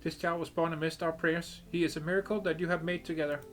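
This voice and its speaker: Solemn veiled matriarch priestess, read by a man, measured and reverent, for a game playthrough. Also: a little high, level tone, a bit bright, faint music behind, pitched above the performer's own voice, lightly acted. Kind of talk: reading game dialogue aloud.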